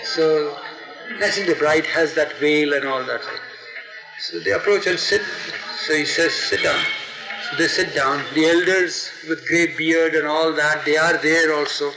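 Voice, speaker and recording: A man telling an oral history story in an animated, digressive way, acting out the people in it. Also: fairly high pitch, normal speed. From India. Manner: animated, digressive, acts out the quotes. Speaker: storyteller, interviewee. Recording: echoey archival tape with music.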